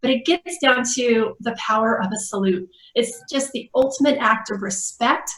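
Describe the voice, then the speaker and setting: A woman's voice: a little high, normal speed, fairly bright tone, reverberant, poor audio. A woman veteran on a panel, speaking enthusiastically and emphatically. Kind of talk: casual panel talk.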